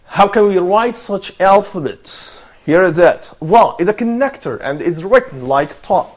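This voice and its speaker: A man's voice: high voice, animated, a little slow. A man presenting and teaching a lesson, patient and encouraging, who often repeats his phrases.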